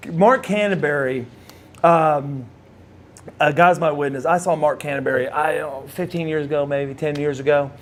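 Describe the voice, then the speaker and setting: A faint hiss or hum sits under the voice of a middle-aged man, a former wrestler and interview guest, as he tells rambling, casual stories full of fillers and restarts. His pitch is fairly high, his tone steady, his speed normal.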